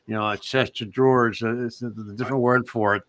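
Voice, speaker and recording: A man's voice: mid-range voice, fairly even intonation, fairly quick, fairly bright tone. A man co-hosting a casual chat show, talking in a rambling, meandering way. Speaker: co-host.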